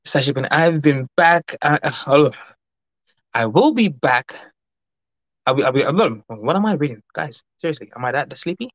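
A man hosting a casual livestream, reading out chat and greeting viewers by name, talking in a rambling, fast way. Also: fairly high pitch, animated, no echo. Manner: rambling, warm greetings, frequent laughs; fast-talking, says his mouth runs fast. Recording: dull lo-fi dry recording.

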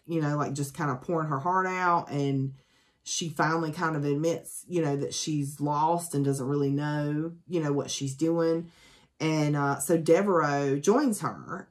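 A woman reviewing a book in a casual, chatty way, full of ums and asides, with sarcastic jokes along the way. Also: low voice. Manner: sarcastic, joking. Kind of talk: casual spoken book summary.

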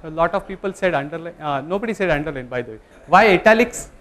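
A man's voice: fairly high pitch, expressive, fast talker, a bit bright. A man giving a classroom lecture, talking in a conversational way, polling the students and correcting himself mid-sentence. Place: lecture room.

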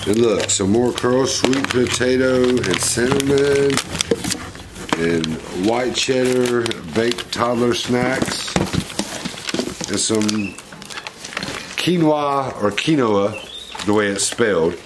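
A man hosting a pet vlog, chatting playfully and coaxingly with his pet while opening mail at home. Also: medium pitch. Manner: playful, coaxing, chuckles often. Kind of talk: casual chat with a pet while unboxing. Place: home living room. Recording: noisy home video.

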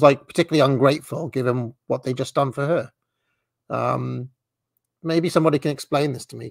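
A man thinks aloud in a casual reaction commentary, puzzled and rambling, stopping to restart his sentences. His voice is gravelly and sits close and dry. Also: mid-range voice, no echo. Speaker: host.

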